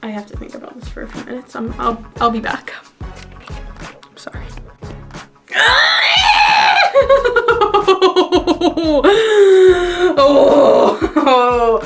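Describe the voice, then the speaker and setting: A woman's voice: a little high, level tone, fairly quick, gravelly, pauses often, over music. Rambling, self-mocking young woman vlogger. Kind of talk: casual vlog chat.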